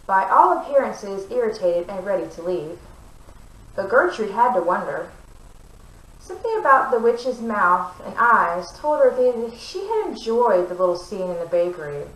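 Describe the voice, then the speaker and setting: Woman reader, expressive narration, medium pitch, roomy, distant. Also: unhurried. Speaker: book reader. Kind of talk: reading a novel aloud.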